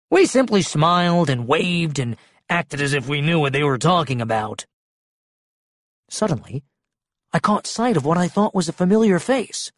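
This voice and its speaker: A reader telling a picture book story aloud in an expressive, animated way. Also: mid-range voice, normal speed, no room sound, clean studio sound.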